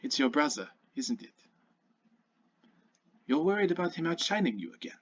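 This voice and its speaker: Man playing a soft-spoken half-orc father and town leader, gentle, reassuring, lively pitch, muffled lo-fi audio. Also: moderate pace, breathy edge. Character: warm fatherly half-orc male burgomaster. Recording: muffled lo-fi recording.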